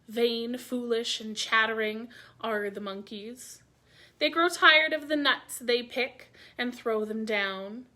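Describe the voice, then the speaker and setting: A woman's voice: high-pitched, bright, forceful tone, pitched above the performer's own voice, full character voice. Kaa: woman voicing a proud hissing python. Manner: hissing, deliberate. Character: proud old male python, slow and menacing.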